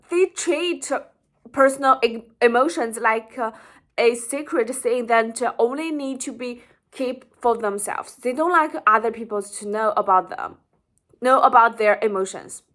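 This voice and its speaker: A woman's voice: on the high side, fairly bright tone. A woman giving an informal educational talk, explaining earnestly and often rephrasing herself as she goes. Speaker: psychology explainer.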